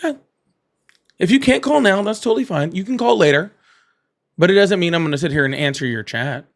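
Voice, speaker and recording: A man hosting a live political call-in stream, blunt and argumentative, quick to cut callers off. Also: sits high, expressive, creaky. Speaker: livestream host.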